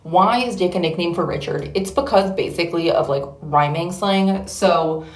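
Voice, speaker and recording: A woman's voice: fairly low pitch, moderate pace. A young woman casually explaining word origins to her viewers in a chatty, upbeat way, with plenty of "like" fillers. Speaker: educational video creator.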